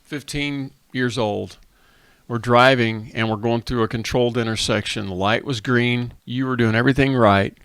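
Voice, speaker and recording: A man's voice: medium pitch, fairly even intonation, moderate pace, fairly bright tone, clear, resonant tone, no room sound. A middle-aged man hosting a podcast, chatting casually and telling stories in a talkative way. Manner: chatty storyteller, plugs local radio. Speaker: podcast host. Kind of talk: casual chat.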